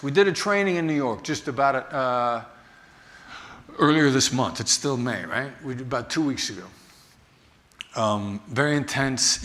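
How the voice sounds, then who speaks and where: A man who teaches negotiation gives a storytelling talk, acting out the people in his anecdotes with lively voices. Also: mid-range voice. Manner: animated, acts out the people in his stories. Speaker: negotiation instructor and former FBI agent giving a talk.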